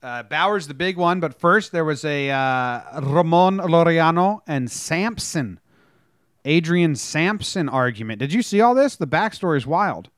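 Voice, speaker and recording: Male sports podcaster, animated storyteller, dry studio sound. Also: a little high, measured pace, no echo. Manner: animated storytelling, acts out players' lines. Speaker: podcast co-host. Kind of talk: casual sports chat.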